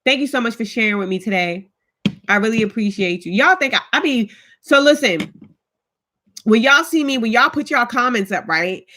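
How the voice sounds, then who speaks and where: A woman in her thirties chatting casually with her viewers as a vlogger, telling stories in an animated, colloquial way. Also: fairly high pitch, moderate pace. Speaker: vlogger host.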